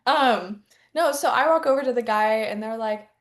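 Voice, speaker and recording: A woman's voice: fairly high pitch, normal speed. A young woman co-hosting a podcast, telling a bubbly, giggly story in casual chat. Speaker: podcast co-host.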